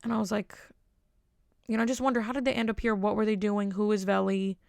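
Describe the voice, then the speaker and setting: Woman podcast host, gravelly voice, dry close sound, rambling casual storytelling, wry asides. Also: medium pitch, level tone, fast, dry recording.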